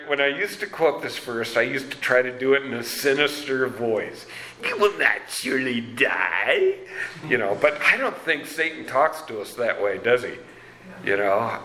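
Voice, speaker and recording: A man preaching a sermon as pastor, slow and deliberate, reading scripture with dramatic emphasis. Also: medium pitch, sharp tone. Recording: roomy echo.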